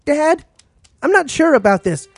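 A man's voice: extremely high pitch, very animated, unhurried, gravelly, no echo, faint music behind, exaggerated voice. A man playing a nervous, reluctant young son in a comedy sketch. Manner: nervous, hesitant. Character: timid young adult son, reluctant heir.

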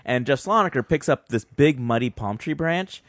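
A man co-hosting a casual podcast, spinning a long tale with lots of stops, restarts and chuckles. His voice sits at an everyday middle pitch. The sound is dry and close to the mic. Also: lively intonation, normal speed, no room sound. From Mexican heritage, grew up in US. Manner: rambling, laughing, many fillers and restarts. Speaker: podcast co-host. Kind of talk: casual storytelling.

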